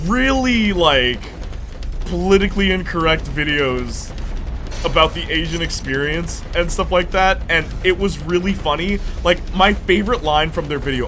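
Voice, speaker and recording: A young man hosting a gaming channel, chatting casually and telling rambling stories with bursts of laughter while reading his viewers' chat. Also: fairly high pitch. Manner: animated rambling storyteller, breaks into laughter; reads and answers viewer chat. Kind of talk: casual let's-play chat.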